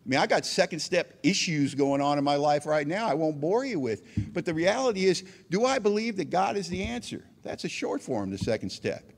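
A man's voice: on the high side, expressive, a little fast, creaky. A man speaking at a recovery meeting, telling his own story conversationally with frequent asides. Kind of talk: personal testimony talk.

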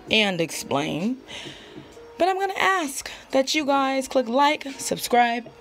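A woman's voice: high-pitched, fairly bright tone. A woman giving a casual tarot reading straight to her viewers, assertive and chatty, often checking in with "okay?". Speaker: tarot reader.

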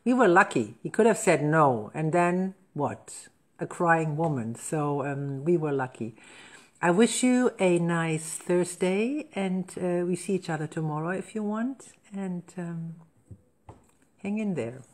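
Woman, lowish voice, chatty host spinning an anecdote. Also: takes it slowly. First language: German. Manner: animated anecdote-telling with laughs and self-corrections. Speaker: wedding celebrant and show host. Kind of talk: casual storytelling chat.

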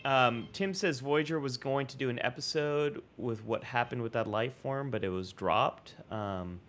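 A man's voice: mid-range voice, unhurried, a little hiss or hum. A man co-hosting a casual livestream chat, reading out viewer comments in an upbeat way over a video call. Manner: reads viewer comments aloud, lively and upbeat. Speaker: co-host.

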